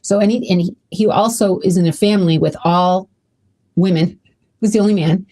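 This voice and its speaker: A woman's voice: fairly low pitch, normal speed, dark tone. A woman hosting her own podcast, talking casually and emotionally with many restarts. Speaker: podcast host. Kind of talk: casual solo podcast talk.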